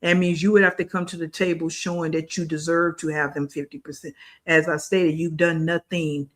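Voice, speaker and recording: Blunt mocking man with a high voice. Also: flat delivery, normal speed, fairly bright tone. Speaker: reaction video host. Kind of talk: commentary on played clips.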